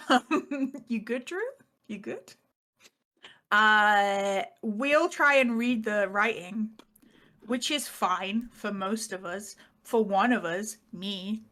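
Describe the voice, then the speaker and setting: A British woman recapping a tabletop game in casual, rambling chat, self-mocking and quick to laugh. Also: medium pitch, pushed and bright. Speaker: player giving the recap.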